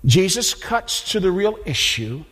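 A high-voiced male preacher who talks to his congregation in an animated, conversational way, stumbling and repeating words as he goes. His voice carries a long reverb, as in a church sanctuary. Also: measured pace, breathy edge. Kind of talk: sermon.

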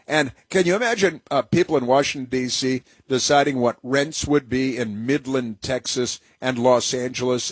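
A man's voice: medium pitch, slightly rough, no room sound. A male talk radio host speaking in a rambling, sarcastic monologue full of fillers and restarts.

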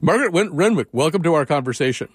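Lively storytelling male host. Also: on the high side, very fast, husky, no room sound, studio quality. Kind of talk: interview chat.

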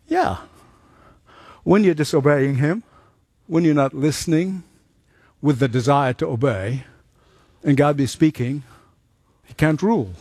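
A man preaching a sermon, telling stories with animated delivery and acting out the voices of the people in them. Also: on the high side, no echo, studio quality. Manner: animated storytelling, acts out quoted voices.

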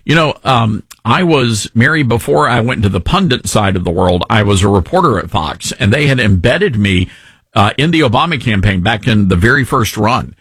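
Lively, husky man hosting a political chat. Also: lowish voice, no echo, studio quality. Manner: conversational, quick to joke. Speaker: host.

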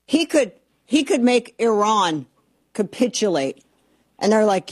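A woman's voice: mid-range voice, expressive, measured pace, long pauses, no room sound. A woman hosting a talk radio show, opinionated and sarcastic, often exasperated. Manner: sarcastic, exasperated, mocking voices. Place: radio studio, simulcast.

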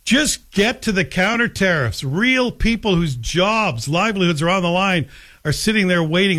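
A man's voice: high-pitched, expressive, moderate pace, pushed and bright. Blunt, sarcastic male talk host. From Canada. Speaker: radio talk show host. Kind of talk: opinionated monologue.

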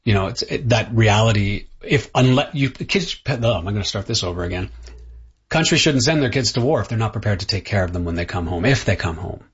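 In this interview, a middle-aged Canadian man, an author appearing as a guest, talks fairly quickly in a husky, fairly low voice with lively intonation. He's thoughtful and keeps restarting sentences, and the audio is dull and lo-fi.

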